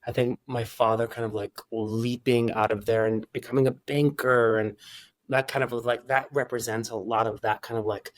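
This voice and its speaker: A man in his forties from Iran, a guest in a casual interview, talking in halting starts with lots of restarts. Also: mid-range voice, steady tone, no echo, studio quality. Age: 40s.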